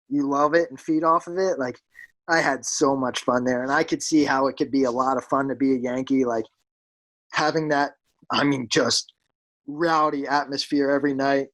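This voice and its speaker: A man's voice: a little high, low-quality recording. A young man from South Jersey, a ballplayer telling stories casually in an interview, filling his talk with "like" and acting out quotes. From South Jersey, USA. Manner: animated storyteller, acts out quotes in a raised voice, many "like" fillers. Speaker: professional pitcher, guest.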